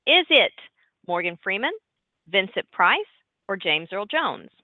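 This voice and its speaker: A chatty woman hosts an interview, her voice rising and falling in a lively way. The sound is dry and thin, like a phone line. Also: medium pitch, dry recording. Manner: chatty, lively, quick to laugh. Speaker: podcast host. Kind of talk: casual interview chat.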